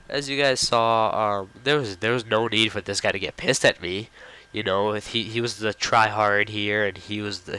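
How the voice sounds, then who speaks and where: A young man with a fairly low, smooth voice talks casually to his viewers about a game. He rambles, filling gaps with "um" and restarting his sentences. He reads out chat messages with a mocking edge. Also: sharp tone, low-quality recording. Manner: rambling, with many fillers and self-corrections. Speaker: gaming channel host. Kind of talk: casual gameplay commentary to viewers.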